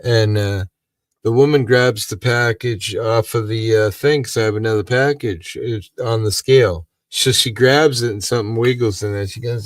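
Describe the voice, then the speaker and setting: A man's voice: mid-range voice, moderate pace, no room sound. An older man, hosting a live stream and telling rambling, profane, aggrieved stories in casual chat. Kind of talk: casual storytelling. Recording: dry, from a distance.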